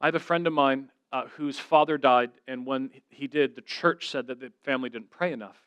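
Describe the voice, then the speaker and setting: A man's voice: medium pitch, a little fast, a bit bright, clear, resonant tone, no echo. A middle-aged man giving an earnest, conversational sermon as a guest speaker, telling stories and voicing the people he quotes.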